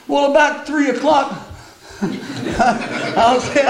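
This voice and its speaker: A man's voice: very high-pitched, lively intonation, a little slow, long pauses. An older man preaching a sermon in a folksy storytelling way, often repeating words as he starts a thought. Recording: echoey room.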